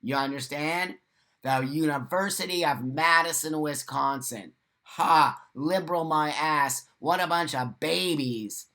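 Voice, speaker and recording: The voice is fairly high and sharp in tone, belonging to an American man who hosts a live morning chat. Unhurried, he reads out viewers' comments and answers them with blunt, profane rants.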